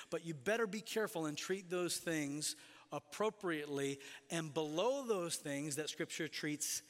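A man preaching a sermon as a pastor, emphatic, slowing down to stress key phrases. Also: a little high, fairly bright tone. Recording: long reverb of a large hall.

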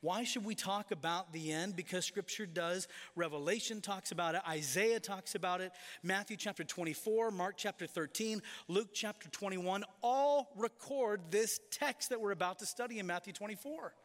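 A man preaching a sermon as a pastor, emphatic, slowing down to stress key phrases. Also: sits high, a bit bright. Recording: long reverb of a large hall.

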